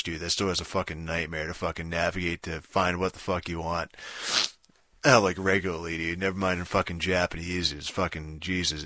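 A man's voice: sits low, bright, forceful tone, no room sound. A man ranting casually about a video game, swearing constantly and rambling with lots of fillers and "dude". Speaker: gaming vlogger. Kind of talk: profane casual rant.

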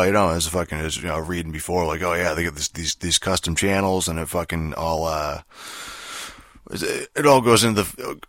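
A man's voice: sits low, fairly bright tone, no echo. A young man hosting a show, ranting casually about a racing game, rambling and swearing through nearly every sentence with lots of fillers. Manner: profane, rambling, frustrated, heavy filler words. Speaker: podcast host.

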